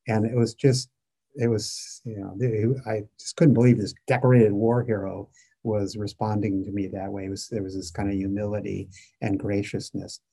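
A man's voice: fairly low pitch, level tone, moderate pace, vocal fry, mellow, slightly rough. A man, the author of a book, answering interview questions in a reflective, hesitant way. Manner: reflective, hesitant, many fillers. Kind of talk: conversational interview.

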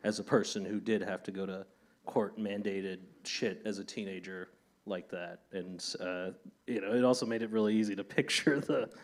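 A man hosting a casual interview, talking loosely with laughter and casual swearing. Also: deep voice. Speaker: podcast host.

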